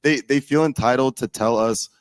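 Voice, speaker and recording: A man's voice: mid-range voice, moderate pace, no room sound. A young man in casual political chat, rambling with many "like"s and restarts.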